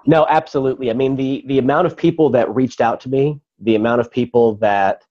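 A man's voice: medium pitch, fairly even intonation, fairly quick, mellow, highs cut off. A man, a guest on a talk show, earnestly telling a personal story in conversation.

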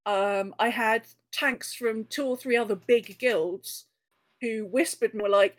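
Chatty woman rambling through a gaming story, bit higher voice, lots of ums. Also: normal speed. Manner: chatty, storytelling with many fillers and restarts. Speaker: podcast guest. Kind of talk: casual chat.

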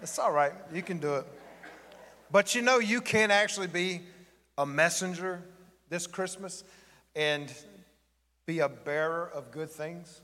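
Brief: male preacher, casual joking sermon style, bit higher voice, reverberant sanctuary. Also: measured pace, pauses often, pushed and bright. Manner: joking, conversational preaching with the congregation. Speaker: pastor. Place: church sanctuary.

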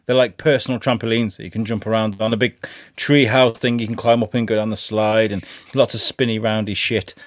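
Male podcast co-host, relaxed and chatty, swears offhand, dry studio sound. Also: on the low side, fairly quick, no echo. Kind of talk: casual chat.

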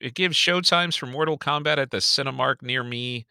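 A middle-aged man co-hosting a podcast in casual chat, animated and swearing freely. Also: moderate pace, clear, resonant tone, no echo, studio quality. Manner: animated, swears freely, lively swings in pitch. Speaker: podcast co-host.

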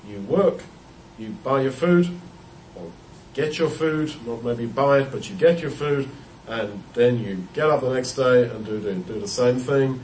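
Male Bible teacher, mid-pitched, thoughtful, repeats himself as he explains; echoey room with faint ambience. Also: a little slow, a little mellow, a little hiss or hum. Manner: thoughtful, explanatory, with frequent restarts and repeated words. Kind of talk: unscripted Bible study talk. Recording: roomy echo, heard from a distance.

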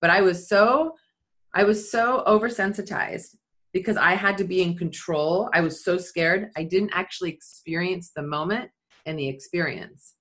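Middle-aged woman, speaker and athlete, candid storytelling, lowish voice, jumps high when quoting. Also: normal speed. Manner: animated storyteller acting out quotes in a high voice. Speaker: skydiving athlete and leadership speaker. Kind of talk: storytelling in conversation.

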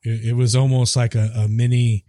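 A man's voice: mid-range voice, flat delivery, brisk, mellow, no echo, clean studio sound. Thoughtful, hesitant man in casual chat. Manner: thoughtful, hesitant, restarts often.

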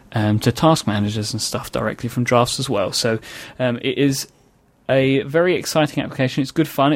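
A man's voice: medium pitch, no room sound. Dry-sounding podcast co-host, man. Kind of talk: casual podcast chat.

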